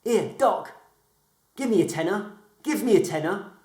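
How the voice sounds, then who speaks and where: A man voicing a talking leg that begs for money in a high, wheedling voice. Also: expressive, unhurried, a little mellow. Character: pleading talking body parts begging cash. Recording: roomy echo.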